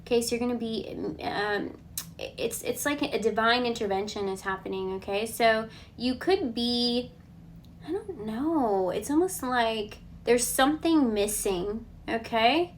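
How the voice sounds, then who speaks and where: Woman, tarot reader, casual collective reading, slightly high voice, reassuring, frequent "okay?", faint background noise. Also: a little slow. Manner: chatty, ends points with a questioning "okay?"; relaxed and reassuring, thinks aloud with fillers.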